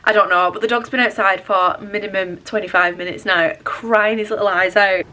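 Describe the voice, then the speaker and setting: A woman's voice: mid-range voice, fairly even intonation, moderate pace, bright, forceful tone. A young woman, chatting casually to camera in her bedroom, rambling and self-deprecating. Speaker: vlogger. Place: bedroom at home.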